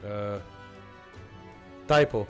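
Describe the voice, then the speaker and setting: A man, not a native English speaker, chatting excitedly and laughing through live gameplay commentary. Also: fairly low pitch, drawn-out words, faint music behind. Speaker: streamer.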